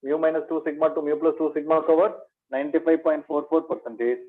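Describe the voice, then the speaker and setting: A man teaches a maths revision class in a fairly high voice. He drills each point by asking it back to his students and calls them "my dear". The sound is thin and phone-like. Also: steady tone, fast talker. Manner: repeats points as questions to students, says "my dear". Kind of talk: revision lecture.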